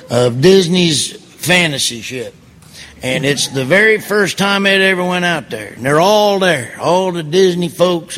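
A man doing a stand-up comedy routine, telling folksy stories in a drawl and now and then breaking into loud yelps. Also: fairly high pitch. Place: live comedy stage before an audience. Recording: live show with crowd and background noise.

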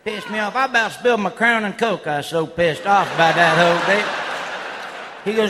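A man doing loud redneck stand-up comedy, laughing at his own jokes. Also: sits high, brisk. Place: live comedy stage before an audience. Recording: live show with crowd noise.

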